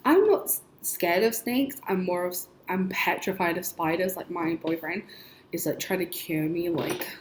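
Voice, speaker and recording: A young woman tells her stories in a loose, rambling way, peppering every sentence with "like" and small laughs. Her voice sits a little low for a woman. The room around her is echoey, with a faint hiss underneath. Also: moderate pace. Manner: chatty, rambling, laughs often, lots of "like". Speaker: vlogger. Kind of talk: casual storytelling.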